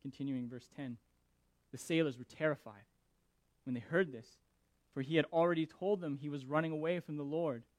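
Male preacher, emphatic, slightly high voice, dry close sound. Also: moderate pace, no echo. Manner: animated, emphatic, repeats words. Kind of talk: scripture reading and sermon commentary.

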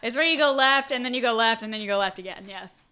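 A woman's voice: on the high side, fast talker, sharp tone, clean tone. A woman from the South, in casual chat, laughing often and swearing freely. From American South.

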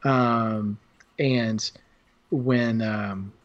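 A man's voice: on the low side, steady tone, very slow, dull audio. A man hosting a podcast, talking about films in a casual, rambling way with lots of fillers and restarts. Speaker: podcast host. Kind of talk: casual film discussion.

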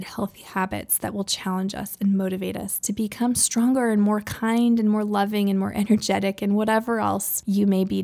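A woman's voice: medium pitch, creaky, a little mellow. A woman in her thirties, a podcast host, giving chatty, conversational advice about parenting and goals, laughing now and then. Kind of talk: casual advice talk.

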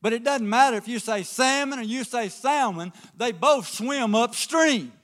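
High-voiced preacher. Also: male voice, normal speed, a bit bright. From American South. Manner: folksy, rising to emphatic preaching with call-outs to the congregation. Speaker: pastor. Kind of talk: sermon.

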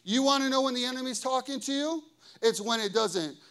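A man with a high voice preaches with fervor, driving his points home through repetition. He swings from ringing, forceful declarations down to soft, hushed stretches, as a pastor speaking to his congregation. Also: a little fast. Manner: emphatic preaching, swings between loud declarations and hushed intimate passages. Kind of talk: sermon.

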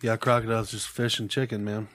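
A man's voice: lowish voice, little pitch movement, fast, fairly bright tone, a little hiss or hum. A man co-hosting a podcast in casual chat, joking, swearing and laughing often. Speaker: podcast co-host.

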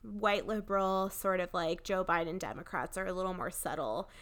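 A woman's voice: fairly low pitch, normal speed, a bit bright. A young woman co-hosting a podcast in casual chat, earnest and outspoken with jokey asides. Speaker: podcast co-host.

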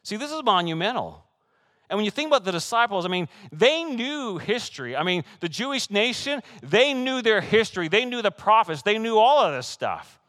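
A male pastor delivering a sermon, his voice sitting a little higher than most men's. He preaches with animated, excitable energy, slipping into quoted voices and light laughs as he goes. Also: moderate pace.

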